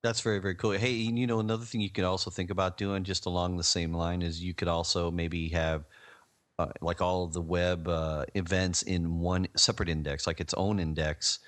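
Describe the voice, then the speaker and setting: A man with a very deep voice co-hosts a tech podcast and laughs often. His sound is dry and close, with no room echo. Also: level tone, brisk, fairly bright tone. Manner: laughs a lot, friendly add-on tips. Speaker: podcast co-host. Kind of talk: casual tech podcast chat.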